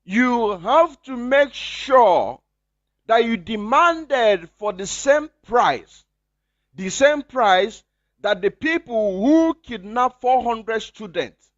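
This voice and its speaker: Emphatic man, high lively voice. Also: roomy sound, lo-fi sound. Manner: emphatic, repeats phrases, fires rhetorical questions. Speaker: political commentator. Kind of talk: live-stream commentary.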